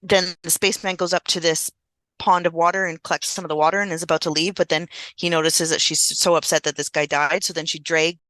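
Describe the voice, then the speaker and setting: A woman's voice: on the low side, little pitch movement, fast, fairly bright tone, dry recording. Woman rambling through a movie plot. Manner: rambling plot recap with fillers and laughs. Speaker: podcast co-host. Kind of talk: casual movie review chat.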